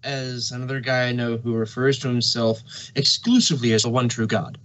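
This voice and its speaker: A man joins a podcast conversation with dry, wry asides. His pitch is ordinary, and a faint hiss runs under his call audio. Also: steady tone, fairly quick, fairly bright tone, low-quality recording. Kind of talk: casual chat.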